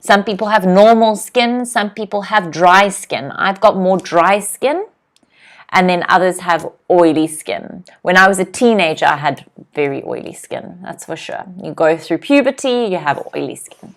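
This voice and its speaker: A young woman teaching English in a live online lesson, reading out viewers' comments and drilling new words with clear, slow pronunciation. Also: lowish voice. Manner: clear, slow word-by-word pronunciation drills with frequent "okay?" checks; reads viewers' comments aloud and laughs lightly.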